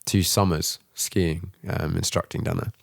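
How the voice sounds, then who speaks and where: A man with an English accent, hosting a podcast in a relaxed casual chat and asking short questions. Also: sits low, a little slow, gravelly, no echo, clean studio sound. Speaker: podcast host.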